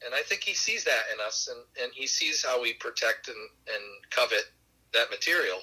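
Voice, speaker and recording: A man recounts his career in an easygoing, anecdotal way, often pausing on fillers and chuckling along. His voice is strikingly bright with a husky grain to it, and it comes over a remote call line. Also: mid-range voice, expressive, rough recording. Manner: warm anecdotal, laughs along, many fillers. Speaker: musician guest. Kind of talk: relaxed storytelling interview.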